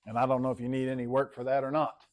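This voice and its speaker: A man's voice: mid-range voice, little pitch movement, rapid-fire. A man teaching a math class in a classroom, talking casually, calling on students by name and repeating himself. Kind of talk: classroom lecture.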